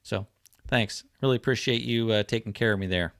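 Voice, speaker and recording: A man's voice: lowish voice, fairly quick, a bit bright, dry recording, clean studio sound. A man from New Jersey hosting a casual livestream, chatting loosely with lots of fillers. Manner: rambling, friendly, lots of fillers. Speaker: livestream host.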